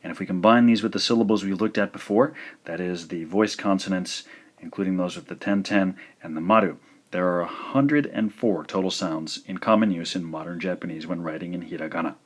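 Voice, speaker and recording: A man teaching a language lesson, demonstrating pronunciation slowly and repeating each word several times. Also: low voice. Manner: slow, careful demonstrations with repeated words. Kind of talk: scripted lesson narration.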